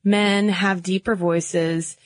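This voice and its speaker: A woman's voice: on the low side, steady tone, slow, dry recording, clean studio sound. A woman from the American South co-hosting a podcast in casual chat, laughing often. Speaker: podcast co-host.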